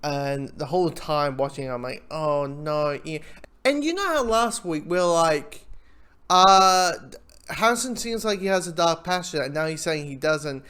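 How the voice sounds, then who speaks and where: Excitable, swearing TV reviewer. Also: mid-range voice, unhurried, clear, resonant tone. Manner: excitable, swears, quotes own reactions loudly. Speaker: TV episode reviewer. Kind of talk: casual spoken review.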